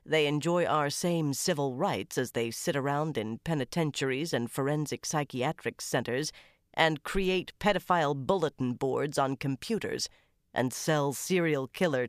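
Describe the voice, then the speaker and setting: A woman voicing a weary middle-aged male FBI profiler who speaks low, clipped and muttering. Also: dry recording, clean studio sound.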